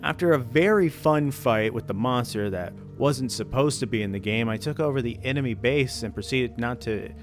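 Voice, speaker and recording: A man's voice: medium pitch, normal speed, few pauses, faint music behind. A man reading a creepypasta aloud in a casual way, breaking off now and then to joke and laugh. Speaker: channel host reading creepypasta. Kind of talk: casual read-aloud of a horror story.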